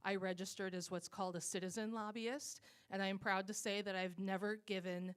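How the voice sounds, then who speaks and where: A woman's voice: mid-range voice, steady tone, moderate pace, a bit bright, clear, resonant tone. A woman who co-founded a civic group and works as a citizen lobbyist, giving a casual, chatty talk to an audience and rambling with frequent fillers. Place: speaking at a live event with a microphone.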